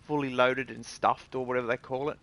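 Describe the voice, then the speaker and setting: Speaking a little fast in a level, medium-pitched voice with a fairly bright tone, an Australian man delivers blunt, profane, indignant ranting commentary about gaming for his videos.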